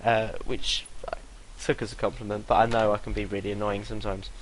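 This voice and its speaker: A man's voice: fairly low pitch, little pitch movement, brisk, a little hiss or hum, poor audio. A young man telling a rambling story to camera, swearing freely and laughing between sentences. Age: young adult. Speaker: vlogger.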